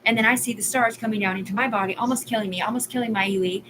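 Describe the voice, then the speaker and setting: A woman's voice: a little high, fairly even intonation, racing, fairly bright tone, low-quality recording. A woman in her forties ranting on a live stream, rambling, agitated and profane. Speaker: livestream host. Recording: clear background ambience noise.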